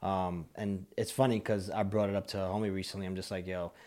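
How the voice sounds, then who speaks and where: A man's voice: low-pitched, flat delivery, fairly quick, darkish tone. A man in casual podcast chat, talking in a laid-back, rambling way with many fillers.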